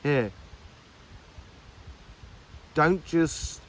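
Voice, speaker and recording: A man's voice: a little high, expressive, extremely slow, slight background noise. A man giving a casual weekly tarot reading, upbeat and encouraging, rambling along with lots of fillers. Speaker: tarot reader.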